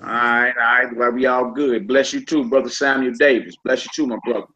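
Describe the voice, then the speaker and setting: Man teaching a relaxed online class. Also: medium pitch, brisk. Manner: relaxed, repeats each word aloud, slangy asides. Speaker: Hebrew teacher. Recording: slightly dull lo-fi with faint noise.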